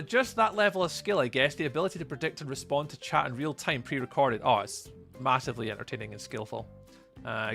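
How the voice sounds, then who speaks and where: A man's voice: medium pitch, vocal fry, pushed and bright. A man from Scotland with a Scottish accent, chatting casually on a live stream and reading out and answering chat while he plays.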